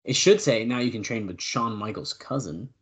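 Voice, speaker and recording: A male podcast co-host in casual chat, reading out old news notes and adding quick asides. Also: medium pitch, fairly bright tone.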